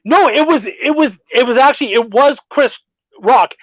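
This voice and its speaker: A middle-aged man hosting a podcast, telling stories in a profane, animated casual chat. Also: extremely high pitch, moderate pace, no room sound. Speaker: podcast host. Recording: dull dry lo-fi sound.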